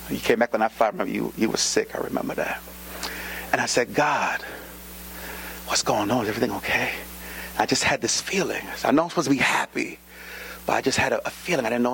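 A man, preaching a sermon and telling a personal story, acting out voices with sudden high jumps and dropping into whispers. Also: gravelly, a bit bright, slight background noise, poor audio. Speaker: pastor. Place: church.

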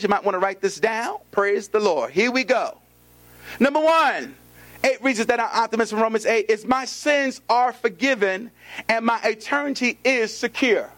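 High-voiced preaching pastor. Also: male voice, fairly bright tone. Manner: preacherly, repetitive, emphatic call-and-response. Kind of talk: sermon.

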